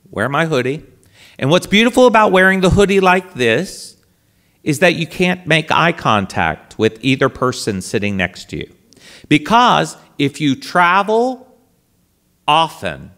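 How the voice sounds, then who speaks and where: Animated storytelling priest, slow and bright. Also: male voice, mid-range voice. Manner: animated, comic storytelling with acted-out dialogue. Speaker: priest and speaker. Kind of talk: storytelling talk to an audience.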